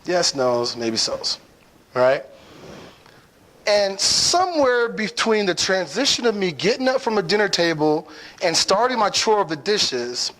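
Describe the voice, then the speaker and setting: Young guy telling a story to a crowd, kinda high voice, bounces all over, acts out his own lines, keeps going "right?". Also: big pitch swings, unhurried, a bit bright, rough recording. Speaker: speaker telling a personal lesson. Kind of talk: storytelling talk to an audience.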